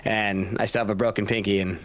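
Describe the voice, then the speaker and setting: A man's voice: fairly low pitch, level tone, quick pace, a bit bright. A man guest on a podcast, telling rambling, profane stories in a casual way and laughing as he goes. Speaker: podcast guest, paintball player. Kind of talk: casual storytelling.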